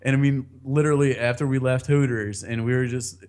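A man's voice: mid-range voice, steady tone, a little fast, darkish tone. A man casually telling a long personal story on a podcast, rambling, laughing often and swearing freely.

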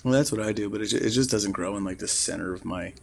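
A man's voice: fairly low pitch, fast, gravelly. A man in his thirties co-hosting a podcast in casual chat, rambling and laughing often as he tells stories. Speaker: podcast co-host.

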